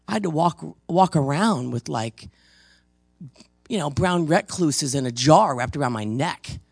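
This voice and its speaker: A man's voice: fairly high pitch, animated, unhurried, creaky, husky, no echo, clean studio sound. A man preaching in a conversational group talk, telling stories emphatically and often restarting his sentences. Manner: emphatic, storytelling, frequent restarts. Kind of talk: conversational ministry teaching.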